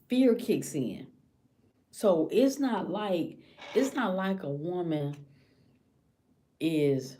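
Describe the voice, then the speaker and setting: Woman, vlogger, impassioned, dips into whispers, deep, mellow. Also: expressive, takes it slowly. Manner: impassioned, slips into hushed whispers acting out a scared woman's thoughts. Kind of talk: casual monologue to camera.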